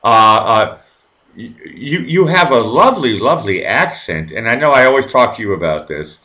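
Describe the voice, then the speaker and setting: A man's voice: mid-range voice, big pitch swings, moderate pace, pushed and bright. A man hosting a casual live-stream interview, hesitant and full of fillers, swearing casually. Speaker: host.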